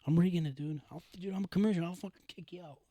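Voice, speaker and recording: Crude, excitable young man on a podcast. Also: high voice, rapid-fire, dry recording. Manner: crude, excitable storytelling, swearing, mimics others' voices. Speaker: podcast co-host. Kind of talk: casual podcast banter. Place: podcast studio.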